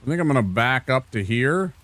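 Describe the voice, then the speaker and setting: A man's voice: mid-range voice, animated, brisk, fairly bright tone, no echo. A laid-back man from Minnesota streaming a game, rambling casually and talking to viewers by name. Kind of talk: casual gameplay chat with chat.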